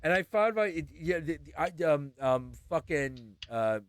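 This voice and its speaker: At a measured pace and with no echo, a slightly high-voiced man hosts a show and spins a story. He keeps it casual, animated and full of swearing, voicing the people he describes.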